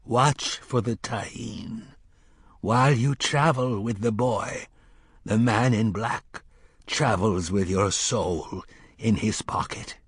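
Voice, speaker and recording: A ghostly dead woman's voice seeping from a cellar wall, slow and thick, low and hushed, sinking toward a whisper, as a male narrator puts her on. Ominous and prophetic, read dry and close. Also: breathy edge, no room sound. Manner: dragging, clotted, slow and ominous. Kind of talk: audiobook character voice.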